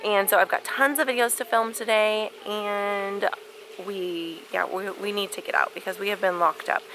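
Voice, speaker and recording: A woman's voice: mid-range voice, steady tone, normal speed. A young woman with a cold, chatting casually to her channel outdoors on a handheld camera. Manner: chatty and conversational. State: recovering from a cold, with a cough. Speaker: vlogger. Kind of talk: casual vlog chat. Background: faint outdoor ambience with wind.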